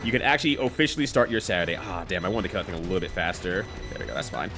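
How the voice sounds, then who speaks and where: Male streamer, animated pitch, chatty gameplay commentary, laughs a lot. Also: very fast, music in the background. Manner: chatty, laughs often, talks to chat while playing.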